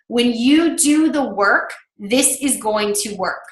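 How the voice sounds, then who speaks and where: A woman's voice: fairly high pitch, lively intonation, takes it slowly, few pauses, reverberant, low-quality recording. A woman coach giving a presentation to other coaches, chatty and emphatic, peppering her talk with "like". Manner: chatty and emphatic, heavy use of "like".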